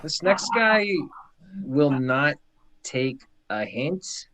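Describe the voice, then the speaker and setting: A man hosting an open mic, bringing up the next comic in a slow, drawling way. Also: medium pitch, very animated, a loud crowd.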